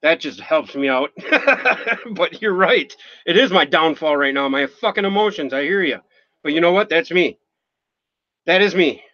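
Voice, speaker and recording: A man's voice: fairly high pitch, normal speed, dry recording, lo-fi sound. A man hosting a livestream, talking emotionally and apologetically, rambling and swearing often. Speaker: livestream host. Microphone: phone.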